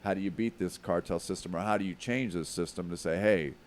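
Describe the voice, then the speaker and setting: Deep-voiced profane man, emphatic. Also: quick pace. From Hawaii. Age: middle-aged. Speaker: guest. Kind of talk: casual podcast chat.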